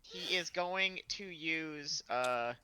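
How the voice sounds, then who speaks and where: A woman's voice: low-pitched, extremely slow, bright, forceful tone, a little hiss or hum, poor audio. A woman playing a tabletop game, describing her character's actions with stammering restarts. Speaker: player.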